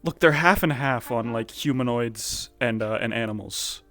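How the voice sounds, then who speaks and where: A man's voice: mid-range voice, normal speed. A man playing in a tabletop game, chatting casually and joking with the others. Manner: loose and joking, shouts at times. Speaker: player.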